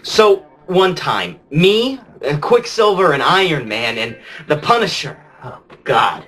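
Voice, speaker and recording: A man's voice: a little high, sing-song, slow, fairly bright tone, slightly rough, heavily acted, rough recording. A man playing a jaded retired superhero, telling crude stories in a rambling confessional monologue full of fillers. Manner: rambling, crude, laughing, heavy "you know" fillers.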